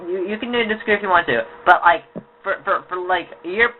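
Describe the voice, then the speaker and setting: A man's voice: high-pitched, a little fast, slight background noise. A man hosting a podcast in casual chat, rambling with many restarts. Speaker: podcast host. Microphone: audio podcast. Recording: tinny lo-fi phone-like sound.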